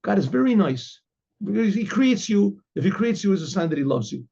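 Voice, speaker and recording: Chatty rabbi, husky mellow voice. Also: male voice, high voice, big pitch swings, brisk. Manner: chatty, acts out both sides of an inner dialogue; repeats and restarts phrases, reads Hebrew then translates. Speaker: rabbi teaching a class. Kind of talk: informal Torah lesson. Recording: dull lo-fi recording.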